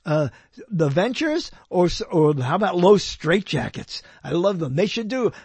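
A solo host talks into a close microphone in a digressive, jokey monologue, reading quotes, drifting off topic, talking to himself, humming and laughing. The medium-pitched voice is husky and darkish with big pitch swings, a measured pace, and no echo.

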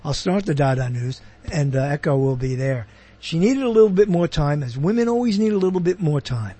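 A man's voice: on the high side, lively intonation, fairly quick, dark tone, breathy edge. A man hosting a show, talking in a rambling, chatty monologue that keeps breaking off into asides. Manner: digressive, chatty, self-interrupting. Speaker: show host.

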